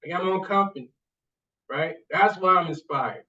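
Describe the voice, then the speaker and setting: A man's voice: high voice, normal speed, sharp tone. A man telling a casual, rambling story in street slang, often repeating his catchphrases and growing emphatic at times. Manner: rambling, repeats "you see what I'm saying". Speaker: vlogger and college student. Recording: distant, muffled lo-fi sound.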